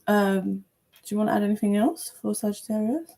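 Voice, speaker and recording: A woman giving a casual, chatty tarot reading, animated, with loose language and playful asides. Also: mid-range voice, fairly quick, creaky, faint music behind. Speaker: tarot reader.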